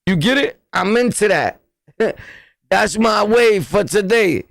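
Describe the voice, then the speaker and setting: A man's voice: high-pitched, lively intonation, takes it slowly, vocal fry, a bit bright, no echo. A man with a New York accent hosting a casual livestream, talking bluntly in repetitive street slang. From New York City. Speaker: livestream host.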